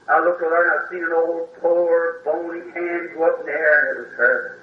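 A man's voice: a little high, steady tone, moderate pace, a little hiss or hum. A man preaching a sermon and telling a personal story with emotional, folksy storytelling and plain country grammar, heard on an old recording. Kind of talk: sermon testimony. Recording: roomy, distant, dull old sermon recording.

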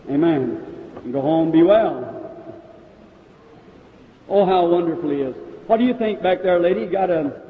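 A man preaching at a faith healing service, calling out people in the audience one by one, in an old hall recording. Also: high voice. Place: large hall. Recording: old echoey hall recording, phone-like sound.

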